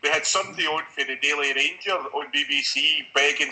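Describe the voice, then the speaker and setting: A man's voice: on the high side, fairly quick, hardly any pauses, pushed and bright, poor audio. A man in a casual podcast chat, telling stories and reading out quotes at length.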